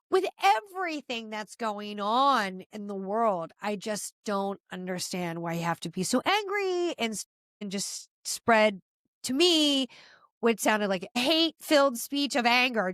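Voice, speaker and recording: A middle-aged woman hosting a podcast, giving opinionated casual commentary in an animated, exasperated rant with frequent asides. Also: on the high side, clean tone, no room sound, clean studio sound. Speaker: podcast host.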